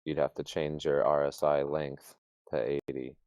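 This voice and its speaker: A man with an extremely deep, low voice talks trading in a loose, rambling way, full of restarts and homespun analogies. The sound is dry and close, with no room around it. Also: level tone, normal speed, darkish tone, clear, resonant tone, no room sound, lo-fi sound. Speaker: trader. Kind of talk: casual trading chat.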